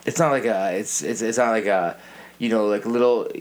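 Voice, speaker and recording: Chill podcast host guy, deepish voice, tells stories and laughs. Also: moderate pace. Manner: animated storyteller, laughs often. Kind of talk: casual chat.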